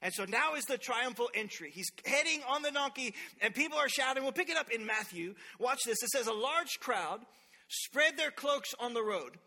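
High, bright-voiced pastor preaching. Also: male voice, normal speed. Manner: lively storytelling with humor and call-outs to the congregation. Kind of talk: sermon. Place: large church sanctuary. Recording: long hall reverb from a large sanctuary.

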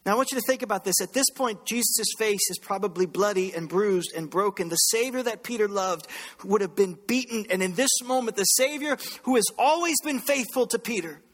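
A man preaching a sermon as pastor, impassioned, swinging between loud bursts and hushed lines. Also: high-pitched, expressive, normal speed. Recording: long reverb of a large hall.

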